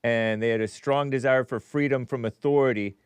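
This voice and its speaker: A man's voice: medium pitch, steady tone, fairly quick, smooth, no echo. A middle-aged man hosting a call-in show, chatty and curious, asking his caller lots of questions. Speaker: host. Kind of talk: casual call-in chat.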